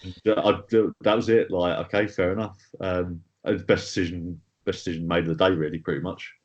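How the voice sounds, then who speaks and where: This is a man with a fairly low voice, chatting casually as a podcast guest. He rambles with plenty of fillers and some swearing. The audio is a little dull and lo-fi. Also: flat delivery, a little fast. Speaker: guest bodybuilder.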